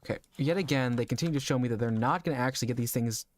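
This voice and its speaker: A man's voice: mid-range voice, racing. A young adult man chatting casually to his viewers during a live game stream, rambling and laughing often, his voice a little strained. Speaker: VTuber streamer.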